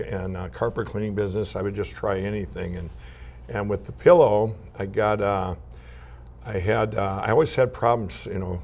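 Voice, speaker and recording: A man from Minnesota, a guest in an interview, telling rambling, animated anecdotes full of restarts and laughs. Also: fairly low pitch. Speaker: guest entrepreneur. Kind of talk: casual interview storytelling.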